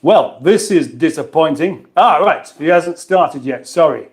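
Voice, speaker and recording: A man's voice: a little high, expressive, unhurried, few pauses. A British man hosting a casual livestream, chatting in a rambling way and reading out viewer comments. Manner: rambling, chatty, with many restarts and asides. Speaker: livestream host.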